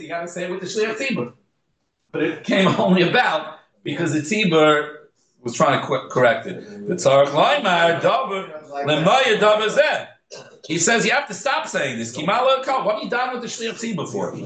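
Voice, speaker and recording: A man gives a Torah class with a fairly high voice that climbs sharply whenever he drives a point home. He threads Hebrew terms through his English explanations. The sound is roomy and echoey. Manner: animated, mixing Hebrew terms into English, rising excitement on key points. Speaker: rabbi teaching a class.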